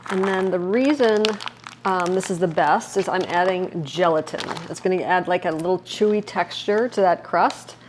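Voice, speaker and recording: A middle-aged woman from Wisconsin, chatting warmly as she walks viewers through a recipe in her home kitchen. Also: on the low side, moderate pace, noisy background. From Wisconsin, USA. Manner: chatty and upbeat, talks viewers through each step. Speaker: cooking vlogger. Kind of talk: casual cooking demonstration.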